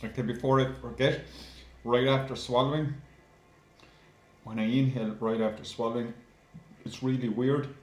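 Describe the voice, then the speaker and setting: A man's voice: mid-range voice, steady tone, moderate pace. Chatty man in a roomy echo. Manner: chatty, addresses viewers as guys, many ums. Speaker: beer reviewer. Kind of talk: casual video review.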